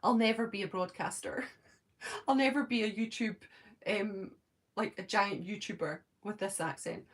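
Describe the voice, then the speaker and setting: A woman in her forties with a Scottish accent, casually chatting on a live stream and answering viewers' comments, talking fast when excited and filling pauses with ums. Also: mid-range voice. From Scotland. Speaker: live-stream host reading chat.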